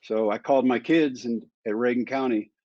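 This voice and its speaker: Lively storytelling man in his fifties. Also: mid-range voice, brisk, no echo. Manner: lively storyteller, acts out dialogue. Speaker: interview guest. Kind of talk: candid storytelling in conversation. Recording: dry, slightly dull sound.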